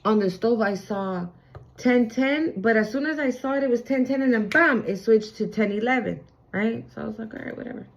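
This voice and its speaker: A woman's voice: a little high, moderate pace, muffled recording. A young adult woman giving a casual spiritual reading, chatty and emphatic, with slangy fillers. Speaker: spiritual reader. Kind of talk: casual tarot-style channeled reading.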